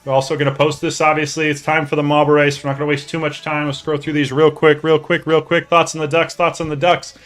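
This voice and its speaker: A man hosting a live stream, chatting casually and excitably with his viewers, joking and swearing as he goes. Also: a little high, fast talker, few pauses. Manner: excitable, jokey, talks to chat, swears. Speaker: streamer hosting a hockey league draft.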